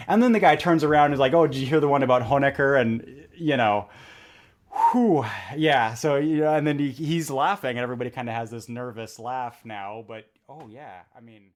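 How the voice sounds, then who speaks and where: A man talking as a podcast guest, telling stories animatedly with lots of fillers. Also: mid-range voice. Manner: animated storyteller, voices quoted characters, many fillers. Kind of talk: casual podcast chat.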